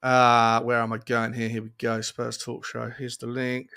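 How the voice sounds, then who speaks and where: A man hosting a live fan watchalong stream, chatting excitably and reading out viewer comments. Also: mid-range voice, moderate pace, gravelly, smooth. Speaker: fan show host. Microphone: earphones with mic, webcam.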